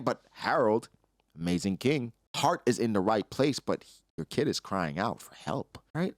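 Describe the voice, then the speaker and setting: Animated young man breaking down a chapter. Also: lowish voice, a little slow, dry recording, studio quality. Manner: animated, acts out character lines in his own voice. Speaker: anime reaction host. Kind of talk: casual commentary.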